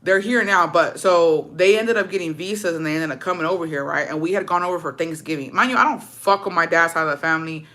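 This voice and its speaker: Bright-voiced woman telling a profane story. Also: fairly low pitch, fast, few pauses. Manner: profane, animated, acts out quoted dialogue; slips into Spanish phrases. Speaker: storytime vlogger. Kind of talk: casual storytelling.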